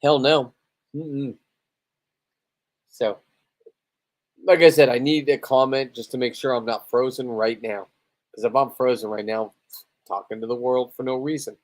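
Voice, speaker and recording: A man's voice: mid-range voice, fairly even intonation, unhurried, pauses often. Tipsy, cussing man rambling on a livestream. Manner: rambling, profane, boastful. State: tipsy after beers and an edible. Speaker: livestreaming spearfisherman. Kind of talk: casual livestream chat.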